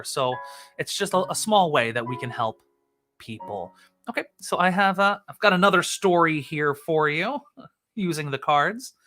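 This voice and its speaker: Bright-voiced chatty male host. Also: fairly high pitch. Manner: chatty, frequent "uh" fillers, relaxed. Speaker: host of his own live stream. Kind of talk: casual live-stream chat.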